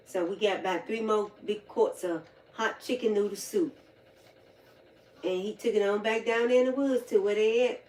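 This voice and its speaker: Animated woman telling stories. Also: medium pitch, normal speed. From North Carolina, US. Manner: animated, folksy storytelling with colloquial grammar. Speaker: livestream host. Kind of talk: casual storytelling chat. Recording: roomy echo, distant mic, faint background noise.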